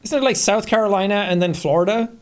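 A young man from Ireland with a Midlands Irish accent gone partly American, co-hosting a casual podcast chat, joking and swearing in quick asides. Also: sits high. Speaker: podcast co-host.

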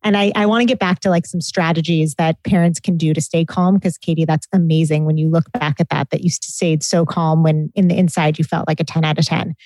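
Calm woman giving parenting advice. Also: deep voice, no room sound, low-quality recording. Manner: calm, reassuring, measured. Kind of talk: casual advice chat.

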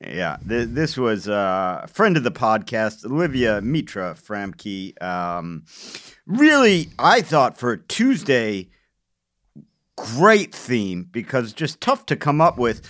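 A man's voice: medium pitch, very animated, slow, fairly bright tone, no room sound, studio quality. A man co-hosting a podcast, chatting casually and playfully about crossword clues, rambling with fillers. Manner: rambling, playful, breaks into goofy put-on voices. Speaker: podcast co-host.

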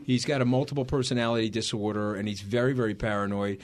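A middle-aged man from New York with a New York accent, a podcast guest telling stories in a blunt, emphatic, rapid-fire way. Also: fairly low pitch, fairly even intonation. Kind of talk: casual interview storytelling.

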